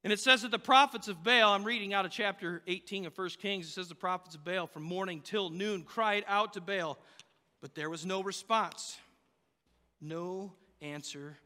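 A man's voice: high voice, moderate pace, pushed and bright, big-room sound. A man preaching a sermon, telling a story in a loose, conversational way with fillers and restarts. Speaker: pastor.

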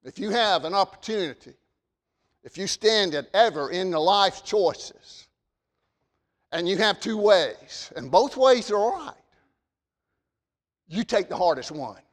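A man preaching a sermon, stammering on repeated words and swinging between loud emphasis and quiet asides. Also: sits high, lively intonation, measured pace, long reverb tail.

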